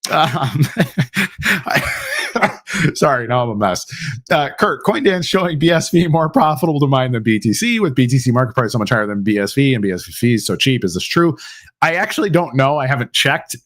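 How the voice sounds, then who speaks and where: A man's voice: mid-range voice, lively intonation, moderate pace, fairly bright tone. A man hosts a live ask-me-anything stream, answering questions off the cuff. He rambles through his points and keeps circling back with fillers and restarts. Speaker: host.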